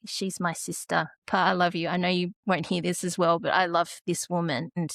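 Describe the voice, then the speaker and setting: A woman's voice: fairly low pitch, little pitch movement, normal speed, gravelly, fairly bright tone, no echo. An Australian woman, a podcast guest, telling an emotional personal story. She is close to tears and often restarts her sentences.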